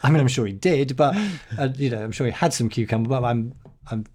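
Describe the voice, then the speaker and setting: Measured man explaining things with ums. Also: medium pitch, a little mellow. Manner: thoughtful, measured, with frequent ums and restarts. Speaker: headteacher. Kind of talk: podcast interview answers.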